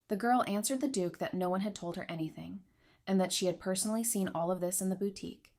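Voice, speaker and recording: A woman's voice: medium pitch, quick pace, a little mellow. Woman narrating a story recap.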